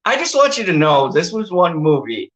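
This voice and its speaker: A man's voice: a little high, sing-song, moderate pace, a bit bright, muffled recording. A man hosting a casual movie review chat, rambling and laughing with plenty of filler words. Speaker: channel host.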